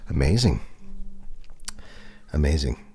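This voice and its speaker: A man's voice: a bass voice, very animated, slow pace, warm tone, husky. A man livestreaming from his home desk into a desk microphone, chatting playfully and fondly to his cat. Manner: playful, fond, teasing the cat. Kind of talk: casual chat to his cat.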